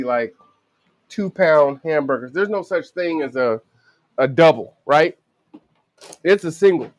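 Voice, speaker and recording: A man chats casually as he cooks in his home kitchen, his voice sitting a little on the high side. He tells stories in a relaxed, slangy way and talks straight to his viewers. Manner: relaxed, chatty storytelling with slang. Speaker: home cooking show host. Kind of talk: casual cooking vlog with stories.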